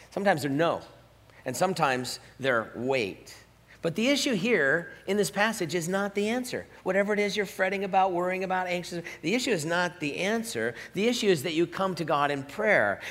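A male pastor preaching an animated sermon, swinging between loud emphasis and hushed asides. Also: on the high side. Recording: long reverb of a church hall.

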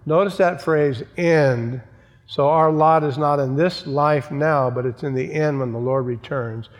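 A man's voice: fairly high pitch, a little slow. Man preaching a sermon in a reverberant hall. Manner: emphatic preaching with repeated phrases and asides to the congregation. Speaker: pastor. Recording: long church reverb.

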